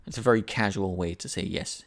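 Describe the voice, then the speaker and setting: A male English teacher with a fairly low voice and a gravelly, creaky edge. He explains grammar patiently and chattily, repeating each example so learners can follow. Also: fairly quick. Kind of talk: language lesson.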